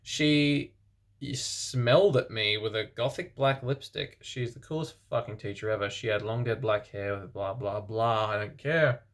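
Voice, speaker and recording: A man reading fan fiction aloud for comedy as host, breaking off for deadpan, sarcastic asides. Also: on the low side, measured pace. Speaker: reader and host.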